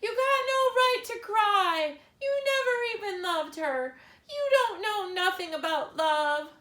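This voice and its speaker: A woman voicing an anguished young boy who shouts and cries at his father in an audiobook. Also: expressive, slow, roomy sound, full character voice. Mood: anguished shouting. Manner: shouting and crying, high and strained. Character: anguished young boy, fiercely protective brother. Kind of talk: audiobook character voice.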